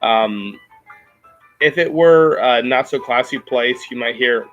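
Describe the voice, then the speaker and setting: A man with a Midwestern American accent, explaining things in a casual chat, halting with many ums and restarts. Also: mid-range voice, dull audio, soft background music. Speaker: podcast host.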